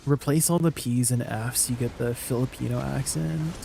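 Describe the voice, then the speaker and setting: A young man with a Canadian accent chats with his viewers during a gaming stream, playful and curious, firing questions at chat. His voice is mellow and soft-edged at an ordinary pitch. A faint hum of noise runs underneath. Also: moderate pace, creaky. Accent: Canadian English. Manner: chatty and playful, laughs often, asks viewers questions. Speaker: live streamer.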